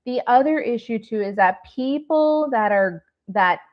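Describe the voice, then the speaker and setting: Slow, candid woman on a dull stream. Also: fairly high pitch, lively intonation. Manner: raw, rambling, heartfelt, with many fillers. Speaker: nurse hosting a grief masterclass. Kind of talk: candid live online talk.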